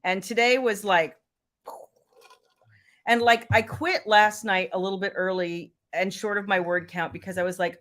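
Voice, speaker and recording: A woman's voice: medium pitch, normal speed, a bit bright. A woman, chatting casually and laughing as host of a livestream. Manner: chatty, laughing, Southern "y'all". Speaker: romance author and livestream host.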